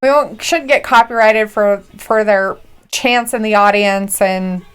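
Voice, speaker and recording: A woman's voice: mid-range voice, fairly even intonation, unhurried, fairly bright tone, clear, resonant tone. A woman co-hosting a casual wrestling watch-along stream, laughing often and reading viewer comments aloud. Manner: giggly, reads out chat comments. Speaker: stream co-host.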